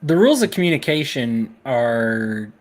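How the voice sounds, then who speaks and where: A man's voice: medium pitch, sing-song, unhurried. Friendly male podcast co-host. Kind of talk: casual podcast discussion.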